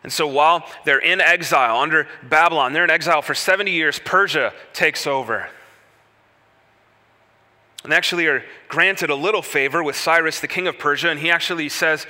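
A man preaching a sermon, telling the story with lively rhetorical questions. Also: on the high side, brisk. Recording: echoey hall reverb.

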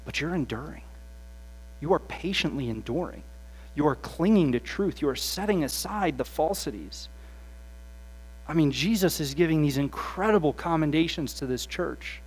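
A man preaching a sermon with passion, swinging from hushed asides to loud, animated quoted voices. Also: mid-range voice, poor audio.

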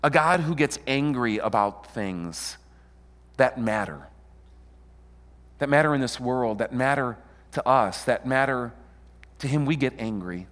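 Animated preacher in a reverberant hall. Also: male voice, mid-range voice, unhurried, pauses often. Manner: animated, calls on the congregation to answer. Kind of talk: sermon.

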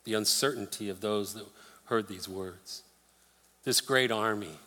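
A man preaching an expository sermon, reading scripture aloud with dramatic emphasis and then explaining it in a lower, quieter tone. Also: unhurried. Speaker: pastor. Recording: long hall reverb.

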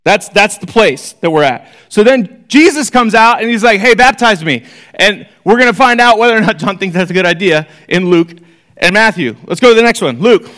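A man's voice: high-pitched, animated, a little fast, fairly bright tone. A man teaching a casual Bible study, reading scripture aloud with rising emphasis and chatty asides to listeners.

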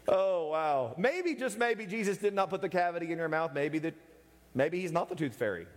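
A man delivers a humorous sermon in a somewhat high voice that leaps up and down constantly. He teases his listeners and laughs easily. The sound carries a long reverb, as if filling a church hall. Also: lively intonation, moderate pace. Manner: joking, teasing, laughs often. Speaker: preacher.

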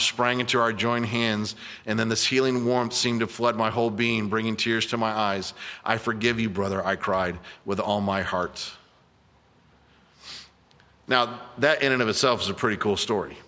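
Earnest preacher man, bright voice in a reverberant hall. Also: mid-range voice. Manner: storytelling preacher, earnest and emphatic. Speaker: pastor. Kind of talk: sermon. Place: church sanctuary.

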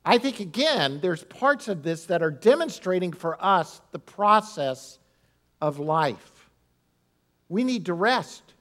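A middle-aged male pastor preaching a sermon in an animated, humorous way, with laughs and asides to the congregation. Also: high voice, slow pace.

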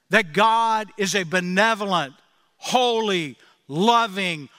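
A man's voice: high voice, measured pace, bright, forceful tone, long reverb tail. A male pastor preaching a sermon with emphatic, repeating phrases, in a church.

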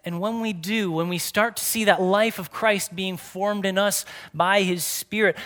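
A man preaching a sermon with earnest emphasis, at times slowing down and dropping to a near whisper. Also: high voice, pushed and bright. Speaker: pastor.

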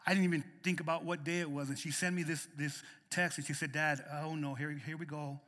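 A man's voice: fairly high pitch, little pitch movement, a little fast, fairly bright tone, in a large hall. A middle-aged male pastor preaching a sermon in a church, emphatic and repeating words as he starts phrases. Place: church sanctuary.

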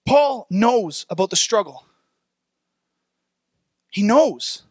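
Young male pastor, high tenor, lively preaching with direct questions to the congregation, dry sound. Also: slow, slightly rough, no echo. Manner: animated preaching, reads scripture aloud, asks the congregation questions. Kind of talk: sermon.

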